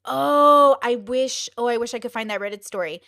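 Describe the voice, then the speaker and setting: A young woman hosts a casual live stream, her voice sitting slightly high. She talks bluntly and swears freely, piling up rhetorical questions. The sound is dry and close. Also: normal speed, creaky, sharp tone, dry recording. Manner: blunt, profane and exclaiming. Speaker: streamer host.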